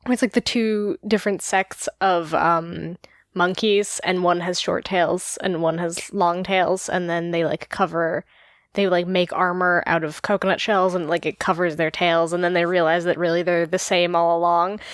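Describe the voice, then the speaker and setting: A woman's voice: lowish voice, level tone, normal speed, clear, resonant tone, no echo. Young new york woman chatting on a podcast, lots of likes and laughs, dry close sound. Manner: chatty, laughs often, many "like" fillers. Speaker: podcast co-host. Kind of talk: casual chat.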